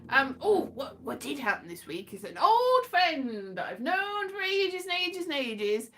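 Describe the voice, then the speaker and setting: A woman's voice: high-pitched, big pitch swings, a little slow, fairly bright tone, slight background noise. A British woman, a comedian, chatting casually to her live-stream viewers, rambling and self-mocking, now and then breaking into sung phrases. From Britain.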